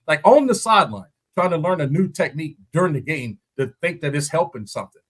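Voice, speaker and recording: A man, a former football lineman, breaking down a game on a podcast in animated, story-driven casual chat, laughing often. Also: a little high, fast, hardly any pauses, husky. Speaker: guest analyst, former NFL lineman.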